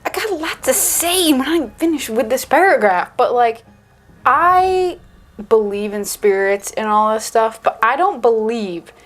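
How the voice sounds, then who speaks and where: A young woman co-hosting a casual chat, skeptical and animated, talking with lots of fillers like "like" and "dude". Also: a little high, a little slow. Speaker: co-host.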